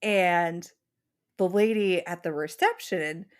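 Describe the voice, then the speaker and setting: Co-animatrice de podcast, voix de femme un peu grave, récit décousu et bavard. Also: female voice, lowish voice, slow pace, clear, resonant tone. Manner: rambling storyteller, many "like" fillers. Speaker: podcast co-host. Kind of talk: casual chat.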